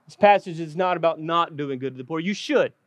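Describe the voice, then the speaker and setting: A man preaching a sermon with passion, often dropping low and slowing down to stress his words. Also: no room sound. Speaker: pastor.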